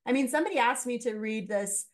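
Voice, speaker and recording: Animated woman coach, higher voice. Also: fast talker. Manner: animated, laughs often, acts out quoted voices. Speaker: mindset coach guest. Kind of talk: casual podcast conversation.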